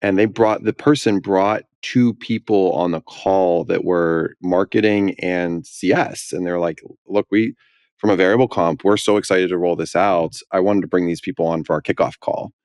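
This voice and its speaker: Very deep-voiced man on a podcast. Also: fairly even intonation, moderate pace, a little mellow, no echo. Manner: earnest, many fillers and restarts. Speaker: podcast co-host, company leader. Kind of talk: casual podcast chat.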